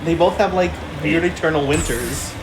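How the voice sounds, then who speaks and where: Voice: mid-range voice, moderate pace, echoey room, heavy background noise. A co-host of a livestream bantering playfully in casual chat, talking into a computer mic on a voice call. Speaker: stream co-host.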